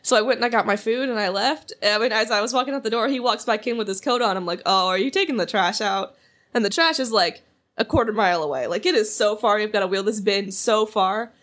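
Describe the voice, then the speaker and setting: A woman's voice: mid-range voice, fast talker, fairly bright tone. A young woman co-hosting a casual chat podcast, telling rambling stories with lots of fillers and restarts, giggling as she goes. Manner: giggles through her stories. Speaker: podcast co-host.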